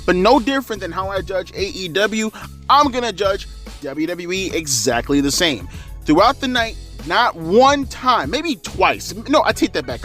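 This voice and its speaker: Fired-up man ranting, bright high voice. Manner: heated, profane, rambling. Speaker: wrestling commentator. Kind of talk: profane ranting commentary.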